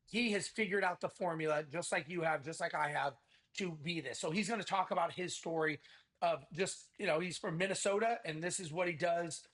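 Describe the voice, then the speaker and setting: A man, a podcast guest, talking about his business event in a lively salesman's manner and acting out quoted conversations. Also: a little high, fairly quick. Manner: energetic salesman, acts out quoted dialogue. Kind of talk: casual interview talk.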